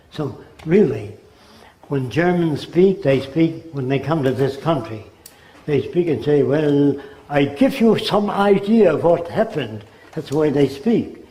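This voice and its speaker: A man's voice: medium pitch, dark tone, reverberant, low-quality recording. An older man giving a rambling, informal lecture and mimicking accents to make his points.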